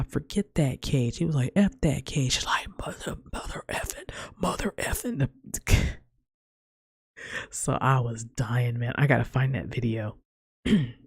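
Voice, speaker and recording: Podcast host, woman, low gravelly husky voice, rambling casual chat, dry close mic. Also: no echo. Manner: rambling, chatty, peppered with "like" and "man".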